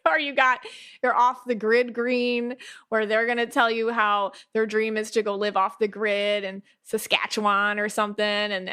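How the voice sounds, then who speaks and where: A woman hosting a podcast, talking in a chatty, animated way with lots of fillers and playful quoted asides. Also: medium pitch. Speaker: podcast host. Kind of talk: casual podcast monologue.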